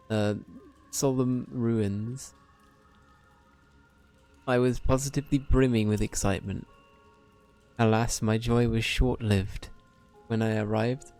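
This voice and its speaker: A man's voice: medium pitch, warm tone, lightly acted. A man reading out the lines of a melodramatic diver in a video game, in a theatrical way. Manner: reads game dialogue aloud, theatrical. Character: melodramatic diver mourning missing water.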